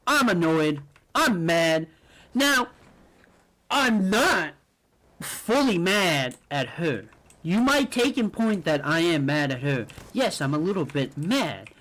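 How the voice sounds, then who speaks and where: Slow-talking profane young man venting. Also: sits high, fairly bright tone. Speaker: vlogger. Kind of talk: casual ranting monologue. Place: New Jersey.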